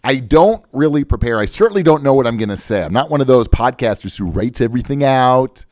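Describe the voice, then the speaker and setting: Man, podcast host, unscripted monologue, sarcastic, lively swooping pitch, dead dry sound. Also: a little fast, no room sound. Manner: sarcastic, self-mocking, ad-libbed.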